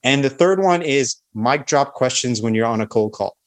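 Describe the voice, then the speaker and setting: A man's voice: mid-range voice, animated, normal speed. A man explaining sales techniques with confidence, walking through the steps of a call. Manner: confident, instructive, acts out sample calls. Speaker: sales expert guest.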